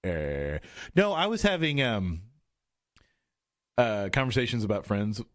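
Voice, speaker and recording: A man's voice: mid-range voice, very animated, measured pace. A man hosting a casual studio chat show, rambling and restarting his sentences often. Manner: rambling, trailing off, many restarts. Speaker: podcast host. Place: radio studio.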